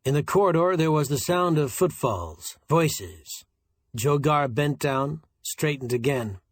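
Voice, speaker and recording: Male audiobook narrator, husky voice, dry close sound, steady delivery. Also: on the high side, unhurried, no room sound. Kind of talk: scripted narration.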